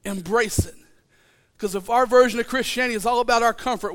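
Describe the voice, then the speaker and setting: A man preaching a sermon in church, building to shouted fervor. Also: very high voice, fairly even intonation, brisk. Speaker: pastor.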